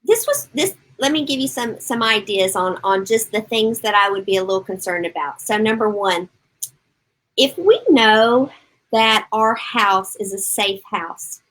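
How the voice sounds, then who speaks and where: A woman's voice: mid-range voice, expressive, unhurried, a bit bright, poor audio. A middle-aged woman coaching parents on a live stream, upbeat and encouraging, speaking directly to her viewers and answering their comments.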